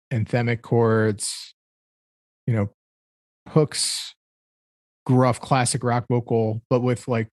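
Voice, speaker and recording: A man's voice: medium pitch, no echo. Man, podcast co-host, casual music chat, rambling, dry room sound. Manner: rambling, searches for words with fillers.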